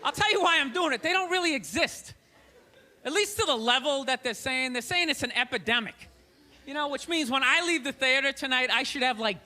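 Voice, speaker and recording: Exasperated male stand-up comic, live crowd. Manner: exasperated ranting, jumps into whiny high mock voices. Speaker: stand-up comedian. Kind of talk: stand-up comedy routine. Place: theater stage before a live audience. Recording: live recording with crowd laughter and noise.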